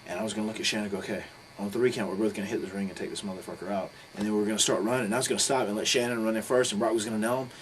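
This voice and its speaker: A middle-aged man telling a story in a casual interview, swearing freely and acting out quotes with sudden loud bursts. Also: fairly low pitch, steady tone, very fast, a little hiss or hum, poor audio.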